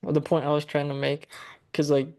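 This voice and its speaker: Higher-pitched guy host, kinda monotone, gravelly, chill and rambly. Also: fairly quick. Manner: laid-back, rambling. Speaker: podcast host. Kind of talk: casual podcast chat.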